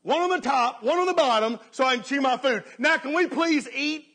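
A man's voice: extremely high pitch, a little fast, bright, forceful tone, voice pushed up. A man voicing an impatient little old woman in a nursing home, blunt and matter-of-fact. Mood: cheeky.

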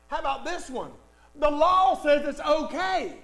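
A man's voice: very high voice, very animated, a little slow, a bit bright, low-quality recording. A man preaching a sermon, emphatic, repeating lines for stress and speaking straight to the congregation. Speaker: pastor.

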